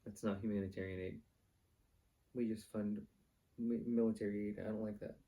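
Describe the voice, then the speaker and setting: A male vlog host delivers a casual, rambling rant, blunt and peppered with profanity, hopping from point to point. He speaks in a lowish, mellow voice with a level tone and moderate pace.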